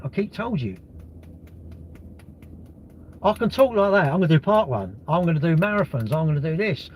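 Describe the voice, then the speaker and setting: A man's voice: high voice, a little hiss or hum. Sweary man ranting on a livestream. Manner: blunt, sweary, rhetorical questions. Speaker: livestream host. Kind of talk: casual livestream rant. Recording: dull lo-fi stream audio.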